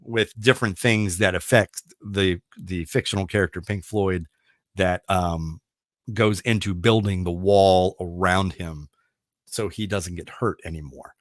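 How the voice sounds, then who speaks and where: Rambling, enthusiastic man with a low voice. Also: steady tone, measured pace, no room sound, clean studio sound. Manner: rambling, enthusiastic, many fillers and restarts. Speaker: radio show host. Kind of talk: casual chat.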